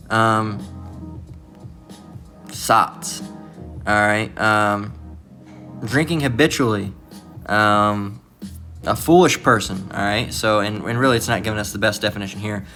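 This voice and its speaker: A man preaching from scripture in a loose, cursing, rambling way, stumbling over repeated words and checking in with the listener after each point. His voice sits at a plain middle pitch. Soft music plays underneath. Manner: profane, repetitive, rambling, tag questions. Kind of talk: informal Bible commentary.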